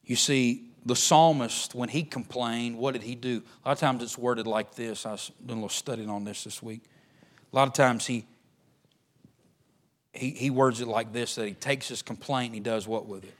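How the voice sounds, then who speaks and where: A man preaching a sermon as pastor, swinging between loud emphatic lines and hushed ones. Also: mid-range voice, steady tone, moderate pace.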